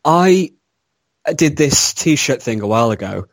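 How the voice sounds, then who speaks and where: A man's voice: mid-range voice, lively intonation, unhurried, dry recording. A man guesting on a casual podcast over a video call, joking with dry sarcasm and cackling laughs.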